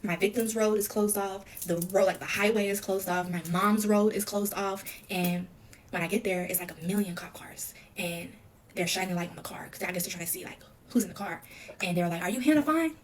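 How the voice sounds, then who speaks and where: A young adult woman telling her own story candidly in an interview, talking in rapid runs full of "like" and quoted dialogue. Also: medium pitch, flat delivery, a little hiss or hum. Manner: rapid, filler-heavy retelling with quoted dialogue.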